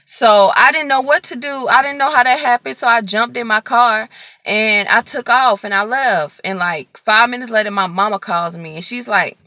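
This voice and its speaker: A young woman tells a story in an animated, casual storytime style, acting out every exchange and filling it with fillers. Her voice is bright and forceful. She sounds close and dry, with no room echo. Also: fairly high pitch, normal speed. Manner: animated retelling with quoted dialogue and many fillers. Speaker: vlogger telling a story.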